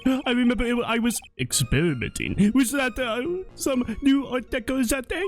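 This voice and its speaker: Showy French chef, put-on accent, high and swooping. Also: male voice, lively intonation, normal speed, faint music behind. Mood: flamboyant. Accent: fake French. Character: flamboyant French male chef, theatrical and fussy.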